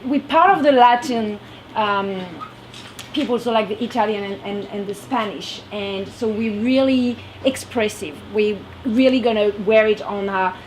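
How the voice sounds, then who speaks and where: A woman from France with a French accent, giving a lively, laughing talk to a youth audience. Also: mid-range voice, unhurried, a little hiss or hum, poor audio. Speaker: guest speaker at a youth group.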